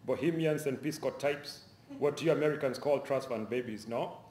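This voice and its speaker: A man reads the part of a poised, aloof professor who answers in calm, clipped, broken English, unbothered and faintly dismissive. The voice sits at an ordinary middle pitch and rings a little in a roomy lecture hall. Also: moderate pace, slight background noise, lightly acted. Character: composed, aloof male professor suspect.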